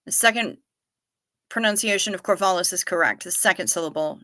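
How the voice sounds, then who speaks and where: Woman streamer chatting with her viewers, bright forward voice, dry close sound, wry and rambly. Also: medium pitch, fairly quick, no echo. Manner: chatty, wry, muses aloud and repeats herself for effect. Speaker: livestream host. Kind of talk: casual chat reading out live viewer comments.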